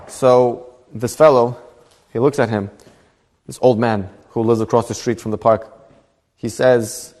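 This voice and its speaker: Man, rabbi, storytelling Torah class, animated, reverberant hall. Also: medium pitch, moderate pace. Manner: animated storytelling with voiced characters.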